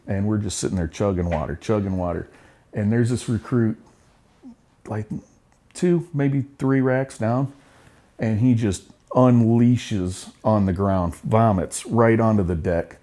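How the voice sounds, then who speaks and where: A middle-aged man tells his stories with blunt, profane humor. His voice sits on the low side. He talks like a veteran guest in a relaxed interview. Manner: blunt, profane, laughing storyteller. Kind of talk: casual storytelling interview.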